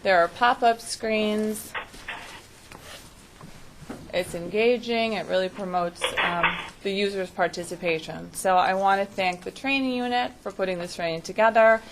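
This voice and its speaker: Woman exec director giving a meeting update, talks up loud so people calling in can hear, faint hiss behind. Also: mid-range voice, unhurried. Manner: businesslike, raises her voice for remote listeners. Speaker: executive director. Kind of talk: meeting report. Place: meeting room.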